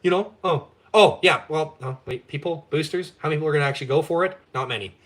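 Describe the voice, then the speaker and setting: A man's voice: a little high, fast, fairly bright tone. A young man from Canada hosting a live stream, ranting in a blunt, profane, fired-up way. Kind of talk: ranting casual chat.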